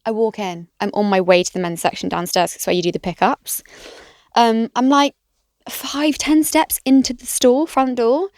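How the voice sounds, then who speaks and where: A woman co-hosting a podcast in casual chat. Her voice sits fairly high and she talks in a chatty way, jumping in with quick reactions. The recording is dry and close to the mic. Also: steady tone, darkish tone, no room sound. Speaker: podcast co-host.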